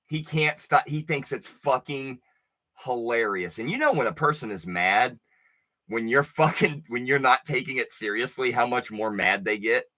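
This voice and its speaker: A man's voice: medium pitch, sharp tone. A man telling a wild personal story in a casual, profane, emphatic way.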